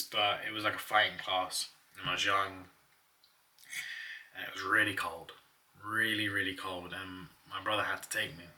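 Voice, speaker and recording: A man's voice: sits low, pushed and bright, distant mic. A young man telling personal stories in a casual, chatty way, often laughing as he talks. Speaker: vlogger.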